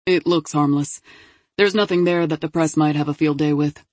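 A woman's voice: sits low, fairly even intonation, normal speed, darkish tone, dry recording. A woman voicing a male detective briefing his team in a matter-of-fact tone. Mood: businesslike. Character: male detective reporting case findings.

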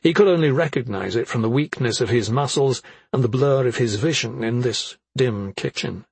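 A man narrating a fantasy audiobook in a steady, even storytelling manner. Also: mid-range voice, moderate pace, vocal fry, slightly rough, no echo. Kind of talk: scripted narration.

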